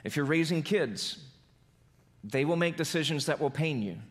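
Man, pastor's sermon, fairly high voice, dramatic swings from loud to hushed. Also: lively intonation, normal speed. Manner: dramatic swings from loud emphasis to soft, low delivery.

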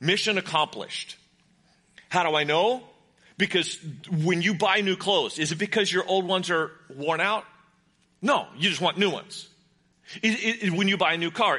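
A man's voice: a little high, pushed and bright. A pastor preaching a sermon in a conversational way, asking his congregation questions. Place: church sanctuary with congregation.

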